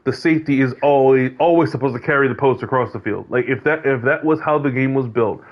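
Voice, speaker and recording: Rambling man giving a casual gaming rant. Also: mid-range voice. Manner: rambling, many fillers and restarts. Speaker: host of a video game league check-in. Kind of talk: casual commentary monologue. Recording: dull lo-fi sound.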